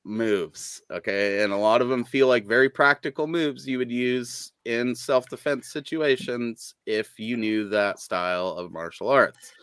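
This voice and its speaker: A man's voice: medium pitch, measured pace, few pauses, a bit bright, clear, resonant tone, no echo, studio quality. A man hosting a podcast, talking in a laid-back, loose way with lots of fillers. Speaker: podcast host. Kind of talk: casual chat.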